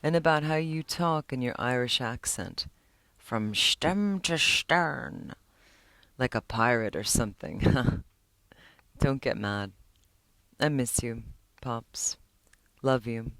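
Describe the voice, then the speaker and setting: A woman reading the part of a troubled, lonely teenage boy in a slow, earnest voice, recorded dry and close. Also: rumbling low, dry recording. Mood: wistful.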